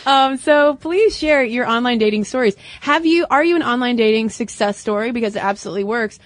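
A woman's voice: a little high, brisk, no room sound. A young adult woman co-hosting a podcast, chatting casually and playfully, often laughing. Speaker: podcast co-host. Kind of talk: casual chat.

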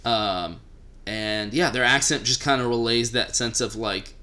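A man's voice: medium pitch, normal speed, bright, forceful tone, slight background noise. A young man from Texas with a Texan accent, co-hosting a casual chat and giving joking, opinionated takes with plenty of fillers. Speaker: podcast co-host.

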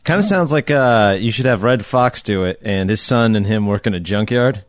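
A man's voice: fairly low pitch, moderate pace, no room sound. A man chatting on a podcast, asking blunt questions. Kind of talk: casual chat.

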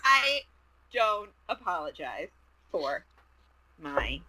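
A woman's voice: on the low side, big pitch swings, very slow, a crowd in the background, low-quality recording. A woman co-hosting a casual podcast over a video call, gushing and giggly, poking fun at herself. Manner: gushing, giggly, self-mocking. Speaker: podcast co-host. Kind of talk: casual chat.

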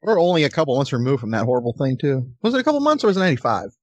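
A man co-hosting a podcast, joking and laughing through quick banter about old wrestling. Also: medium pitch, very animated, no room sound. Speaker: podcast co-host. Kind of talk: casual chat recapping old wrestling.

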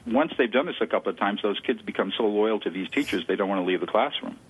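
An interview guest who specializes in conflict de-escalation talks quickly in a lowish, husky voice. With evident enthusiasm he lays out a listening technique, repeating words for emphasis, and the audio has the tinny quality of a phone line.

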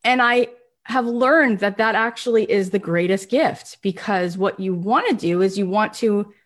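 Woman, life coach, live motivational talk, energetic, direct, mid-pitched. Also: unhurried. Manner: energetic, direct, talks to viewers.

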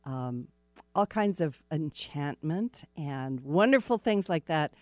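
A woman's voice: sits low, animated, takes it slowly, a little mellow, no room sound. A middle-aged woman hosting a radio show, chatting casually, laughing easily and rambling a little. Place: radio studio. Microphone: studio microphone.

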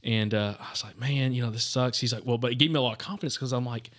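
Casual male co-host, rambling storyteller who keeps saying "dude", mid-pitched voice. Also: fast talker, a bit bright. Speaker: podcast co-host. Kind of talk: casual hunting chat.

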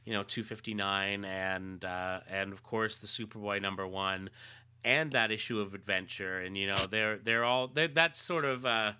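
A man chatting casually, his voice very bright and a little low, halting with fillers as he reminisces fondly. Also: clean tone. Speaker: podcast co-host. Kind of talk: casual chat.

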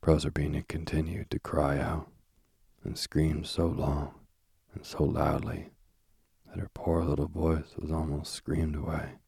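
Very deep, gravelly male storyteller. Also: little pitch movement, unhurried, warm tone, dry recording, clean studio sound. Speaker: narrator. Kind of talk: storybook reading.

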